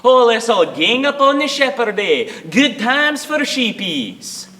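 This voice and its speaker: A man's voice: very high-pitched, sing-song, takes it slowly, sharp tone, slight background noise, full character voice. A young man playing a grumbling, self-pitying Scottish shepherd in a put-on Scottish accent, performing a humorous interpretation piece. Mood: ranting. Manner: ranting, self-pitying, theatrical. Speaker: student competitor.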